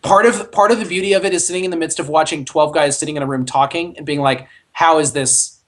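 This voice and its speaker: A man's voice: on the high side, steady tone, fast, a bit bright. A man co-hosting a movie podcast in casual chat, rambling and thoughtful, often stopping to search for words. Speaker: podcast co-host.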